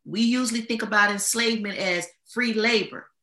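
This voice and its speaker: Woman guest historian, bright tone, measured and deliberate delivery, slight room echo. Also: mid-range voice. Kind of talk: podcast discussion.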